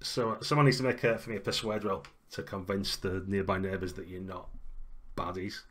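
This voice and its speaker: A man running a tabletop game as game master, narrating in a chatty, lively way. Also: sits low, brisk.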